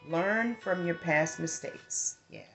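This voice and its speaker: A woman's voice: lowish voice, takes it slowly, fairly bright tone. A woman giving a casual spiritual message as a healer and advisor, chatty and meandering with lots of asides. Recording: guitar music playing clearly behind. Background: guitar music.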